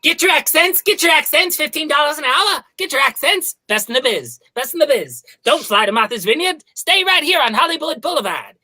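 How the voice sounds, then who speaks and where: A man's voice: very high voice, big pitch swings, brisk, hardly any pauses, pushed and bright, pitched above the performer's own voice, full character voice. A man voicing a pushy street hawker who turns into a folksy Texan dad, with a Texan accent and a barking sales patter. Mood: hawking. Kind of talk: improvised comedy.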